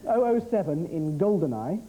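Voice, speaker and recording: Jokey high-voiced quiz show host man. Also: big pitch swings, rough recording. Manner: brisk, jokey quiz-master patter. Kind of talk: scripted TV quiz hosting.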